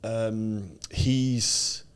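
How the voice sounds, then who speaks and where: A man's voice: lowish voice, fairly even intonation, very slow, clean tone. A man, the show's host, giving short, hesitant answers about his family. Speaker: podcast host. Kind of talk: answering personal questions.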